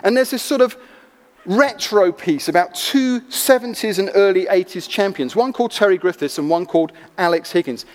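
A man with a high voice preaches to a gathered crowd. He tells his story in a lively, expressive way. His voice rings with the long echo of a large hall. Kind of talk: sermon storytelling.

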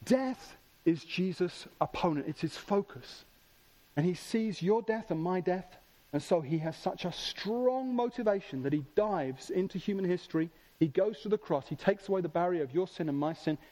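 A man preaching a sermon with enthusiasm, slowing down to stress key words. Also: high-pitched, expressive, warm tone.

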